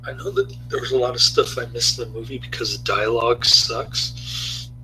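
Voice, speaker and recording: A man's voice: mid-range voice, fairly even intonation, moderate pace, pushed and bright, soft background music, rough recording. A man giving a rambling, laid-back casual video review, often chuckling to himself.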